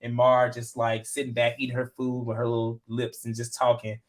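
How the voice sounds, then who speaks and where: A man co-hosting a casual reality TV recap show, talking in a chatty, animated way with lots of fillers and retold quotes. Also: medium pitch, a little fast. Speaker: podcast co-host.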